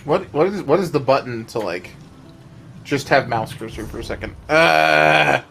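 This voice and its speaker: Man, streamer, casual chat, lively pitch, music behind. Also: normal speed, vocal fry. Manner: chatty, reacts aloud to the game.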